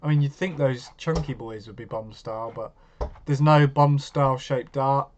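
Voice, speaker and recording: Man, mid-pitched voice, casual live stream chat, answers viewer comments, slightly dull lo-fi audio. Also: moderate pace.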